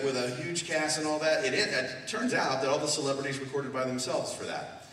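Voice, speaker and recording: A man speaking as a guest on a convention panel, animated and laughing often as he answers fan questions. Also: mid-range voice, normal speed, slight background noise. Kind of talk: live Q&A panel. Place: large convention hall. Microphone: far recording from the audience. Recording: echoey hall recorded from far off, crowd.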